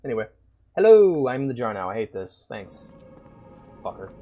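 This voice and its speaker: A man's voice: medium pitch, sing-song, moderate pace, dark tone, soft background music. A man chatting casually and crudely with viewers while live-streaming a game. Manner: crude, joking, chats with viewers.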